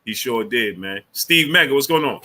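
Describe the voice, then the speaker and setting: A man's voice: medium pitch, animated, normal speed, bright, forceful tone. A man hosting a casual sports talk livestream, speaking in loose slang and greeting viewers from the super chat between his takes.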